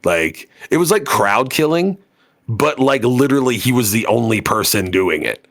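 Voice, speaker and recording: A man's voice: mid-range voice, expressive, normal speed, a bit bright. A man co-hosting a podcast, telling a story in casual chat, rambling and full of fillers and swearing. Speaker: podcast co-host.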